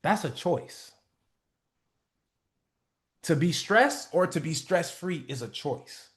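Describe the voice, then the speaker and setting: A man hosting a motivation call, talking in a blunt, profane, preachy way and acting out the people he quotes. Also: fairly high pitch. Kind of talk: casual motivational talk.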